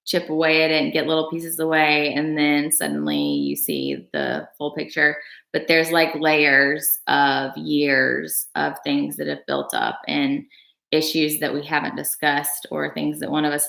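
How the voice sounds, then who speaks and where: A woman's voice: low-pitched, vocal fry, fairly bright tone. A young woman vlogger talking earnestly on a livestream, rambling with many fillers and restarts. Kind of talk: casual livestream chat. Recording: roomy room echo.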